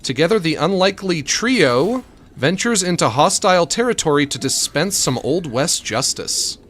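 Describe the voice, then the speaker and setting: A man's voice: on the high side, lively intonation, moderate pace, fairly bright tone. A man streaming a game live, rambling to himself and his chat in a casual style and slipping into mock-angry rants.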